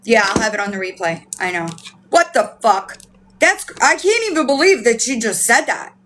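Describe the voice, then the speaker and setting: A woman's voice: on the high side, very animated, normal speed, fairly bright tone, a little hiss or hum. A woman hosting a live stream, ranting in outrage and disbelief, swearing often and repeating herself while she answers her chat. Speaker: livestream host. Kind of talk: heated live-stream commentary.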